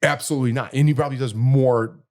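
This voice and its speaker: Speaking at a medium pitch and a quick pace, a middle-aged man on a podcast relates a story in relaxed conversation. He's a lively narrator who acts out everyone he quotes.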